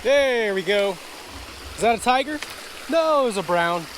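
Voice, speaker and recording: High-voiced man vlogging at a creek. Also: expressive, measured pace, fairly bright tone, slight background noise. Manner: chatty, easily frustrated, talks to viewers as folks and guys. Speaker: fishing vlogger. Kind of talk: casual outdoor vlog narration. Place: outdoors at a wooded creek.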